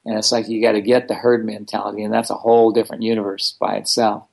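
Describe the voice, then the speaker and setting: A man telling stories in a relaxed interview, blunt and animated, with a casual, profane way of talking. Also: lowish voice, fast, vocal fry. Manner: blunt, animated, swears freely. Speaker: guest, founder of a self-help organization. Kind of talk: casual storytelling in conversation.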